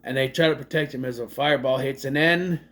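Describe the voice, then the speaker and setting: Talking quickly in a medium-pitched voice, a man breezes through a recap and review of a movie. Along the way he swears and mocks scenes with animated, exaggerated voices.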